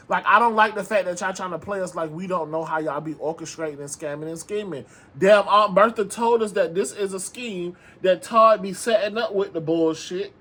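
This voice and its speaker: A man hosting a reality TV recap, talking in a sassy, animated way, calling his viewers "girl" and swearing often. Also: sits high, normal speed, few pauses. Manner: frequent profanity and emphatic repetition. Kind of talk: casual commentary.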